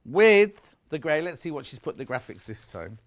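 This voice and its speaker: A man's voice: fairly high pitch, sing-song, moderate pace. A man presenting fabrics on a live shopping channel, chatty and gushing, stopping often to correct himself. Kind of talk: live TV sales pitch.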